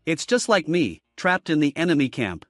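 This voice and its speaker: A man's voice: a little high, big pitch swings, normal speed, dry recording, studio quality, soft background music. A man voicing an anxious young saintess who keeps asking flustered questions.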